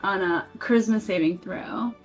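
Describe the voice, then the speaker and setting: A woman's voice: medium pitch, moderate pace. A woman playing in a tabletop game, giggly and playful in casual banter. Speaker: player.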